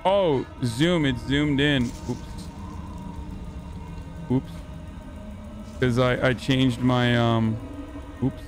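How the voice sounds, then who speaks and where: Guy streamer joking around while he plays, slow talker, a bit high, faint music under. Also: steady tone. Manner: joking, self-mocking, sarcastic. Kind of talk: gaming livestream commentary.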